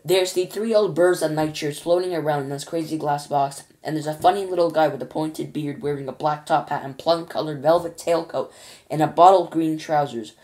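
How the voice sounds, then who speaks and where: A woman's voice: low-pitched, a little fast, a little mellow, natural voice. A cocky, wisecracking male astronaut, loose and slangy, played by a woman reading aloud. He talks back with easy cheek. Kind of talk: children's storybook reading.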